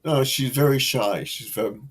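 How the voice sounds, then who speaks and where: A man's voice: medium pitch, moderate pace, slightly rough. Middle-aged man in rambling live-stream chat. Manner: rambling, loud when quoting others. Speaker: stream host. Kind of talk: casual chat.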